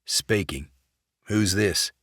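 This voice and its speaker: A man voicing a cold, ruthless male covert operative who speaks in a calm, clipped, controlled way. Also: low voice, very slow, breathy edge, dry recording, clean studio sound, exaggerated voice. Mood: feigned friendliness.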